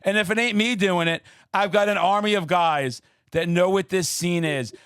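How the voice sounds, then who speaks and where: Loud profane high-voiced man ranting. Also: moderate pace, clean tone, no echo, clean studio sound. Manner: loud, profane, fired-up ranting with shouted bursts. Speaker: podcast host. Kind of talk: casual interview chat.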